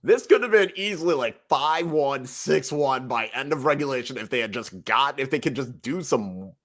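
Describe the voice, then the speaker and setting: A man's voice: medium pitch, animated, moderate pace, fairly bright tone. A man co-hosting a casual sports podcast, telling frustrated stories and acting out his own reactions. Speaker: podcast co-host.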